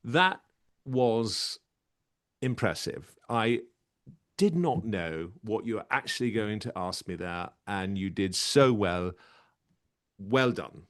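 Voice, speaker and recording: A man's voice: lowish voice, expressive, slow pace, pauses often, no echo, clean studio sound. A man doing an impression of a blunt male English talent-show judge, drawing out clipped verdicts. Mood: judging.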